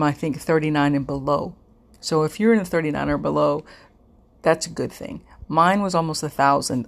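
A woman's voice: sits low, creaky. A middle-aged woman hosting a podcast, talking earnestly in a casual way, often repeating herself with fillers. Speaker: podcast host. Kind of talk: casual informational podcast talk.

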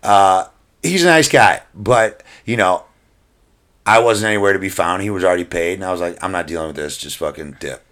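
Profane, animated man telling a story. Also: low-pitched, a little fast. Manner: animated, profane, laughs through stories. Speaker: podcast co-host and wrestling event booker. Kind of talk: casual podcast storytelling.

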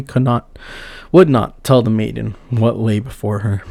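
Brief: male storybook narrator, steady pace, dark gravelly tone. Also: fairly low pitch, no room sound. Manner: steady, unhurried reading of an old tale.

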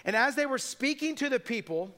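A male pastor preaches a sermon. His voice sits high and sounds bright. He tells the story with quick asides and voices the people in it. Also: lively intonation.

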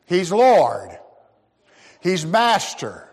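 A man preaching a sermon with a fairly high voice, pressing hard on key lines and then dropping to a hush. A long reverb trails after his words, as in a church hall. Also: expressive, normal speed. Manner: emphatic preaching with swings between loud and hushed. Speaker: pastor.

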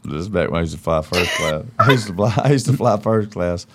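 A man's voice: sits low, animated, brisk, breathy edge. A man telling a rowdy, profane story as a guest on a casual podcast chat. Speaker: podcast guest, country singer.

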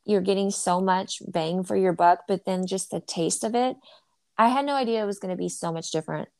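Woman podcast co-host, chatty and playful, mid-pitched, dry sound. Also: brisk, creaky, a little mellow, no room sound. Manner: bubbly, jokey storyteller. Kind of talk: casual chat.

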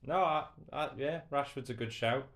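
A man's voice: mid-range voice, normal speed, a bit bright. A man from England hosting a podcast, chatting casually about football, laughing often and poking fun at himself. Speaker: podcast host.

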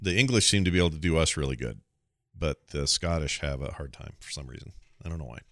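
A man's voice: rumbling low, expressive, quick pace, no room sound, clean studio sound. A man hosting a casual film podcast, joking and playing movie clips for his co-hosts. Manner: plays clips and jokes. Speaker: podcast host. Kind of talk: casual chat.

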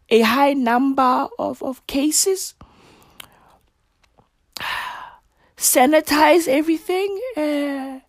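A woman imitating a slow, halting older woman politician who drags out every word with uhs and sighs. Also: high-pitched, a little mellow, no room sound, voice pushed up, full character voice.

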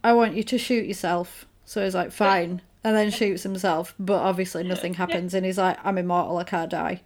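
A woman chatting casually, retelling a film plot and acting out the characters' lines. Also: lowish voice. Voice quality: animated storyteller, acts out characters' lines in quick voices. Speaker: podcast co-host recapping a film. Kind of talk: casual chat.

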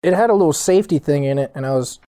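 A young man guests on a casual podcast, his voice warm and mellow. He tells his stories in a relaxed, easygoing manner. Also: fairly high pitch, rapid-fire, clean tone. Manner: relaxed, storytelling with laughs.

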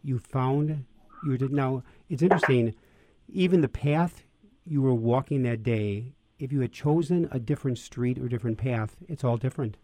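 A priest speaking in a reflective, preacherly way on a conversational show. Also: male voice, medium pitch, moderate pace, warm tone.

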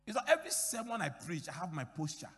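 Emphatic pastor in an echoing hall. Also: male voice, fairly high pitch, wildly swooping pitch, fast. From Ghana. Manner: emphatic preaching with repeated phrases and acted-out dialogue. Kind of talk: sermon.

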